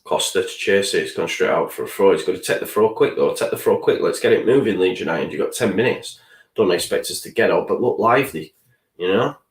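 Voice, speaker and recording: A man's voice: low-pitched, brisk, roomy sound. A young man, hosting a live football watchalong, frustrated and swearing as he reacts to the match and reads out viewer chat. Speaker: fan channel host.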